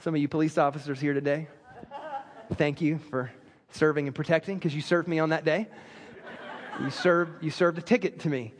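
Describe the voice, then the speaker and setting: A man's voice: fairly high pitch, steady tone, moderate pace, long pauses. A man preaching a sermon as pastor, telling stories with joking asides. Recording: long reverb of a large hall.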